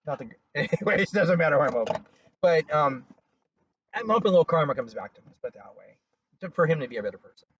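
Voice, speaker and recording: A man telling personal stories as an interview guest, casual and animated, swearing and laughing as he goes. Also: fairly high pitch, quick pace, recorded from a distance, lo-fi sound, slight background noise. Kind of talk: casual storytelling.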